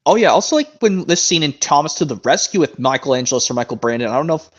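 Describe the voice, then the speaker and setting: A young man chats on his stream in a hesitant, rambling way, often restarting his sentences. His pitch is lively and wanders up and down, and his mic sounds dull and lo-fi. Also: fast. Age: young adult. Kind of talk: casual chat.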